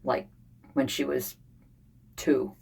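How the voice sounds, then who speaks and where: Weary low-voiced grandmother, husky and gravelly. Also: steady tone, a little mellow. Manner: weary, rambling, frequent sighs and pauses. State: unwell, frustrated. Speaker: vlogger. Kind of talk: casual diary vlog. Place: home sauna.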